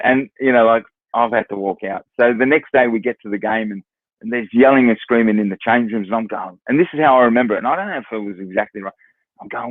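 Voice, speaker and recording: A man's voice: fairly low pitch, no echo. Australian man telling stories over a phone-like line. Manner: anecdotal, repeats words, acts out quotes. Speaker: former footballer, guest. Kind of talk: casual storytelling.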